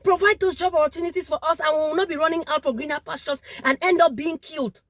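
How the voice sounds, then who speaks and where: A woman's voice: high-pitched, fairly even intonation, fast talker, fairly bright tone. A woman delivers an emphatic vlog appeal, repeating herself and tripping over her words. She is sweating in the heat. The sound is dry and close, with no room echo. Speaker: vlogger. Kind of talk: impassioned direct-to-camera appeal.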